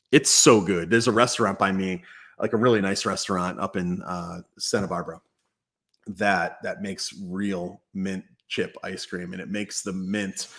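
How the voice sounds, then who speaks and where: A man with a low, deep voice hosts a casual live Q&A stream. He talks in a chatty, relaxed way, full of ums, uhs and restarts, speaking into a desk mic indoors. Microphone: external mic at home computer.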